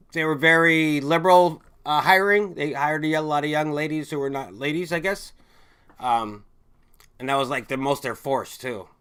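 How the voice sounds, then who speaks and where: A man's voice: on the high side, a bit bright, smooth. A man hosting a casual stream, rambling and swearing as he reads viewer chat and drifts between stories. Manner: rambling, profane, trails off and restarts mid-thought.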